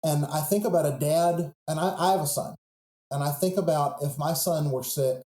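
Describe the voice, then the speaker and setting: Earnest man retelling a story, mellow voice. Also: a little high, normal speed, roomy sound, poor audio. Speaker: pastor. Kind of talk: podcast conversation, telling a Bible story.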